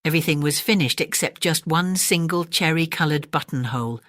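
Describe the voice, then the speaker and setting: A woman narrating a classic storybook in a gentle, measured bedtime reading. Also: sits low, no room sound, studio quality.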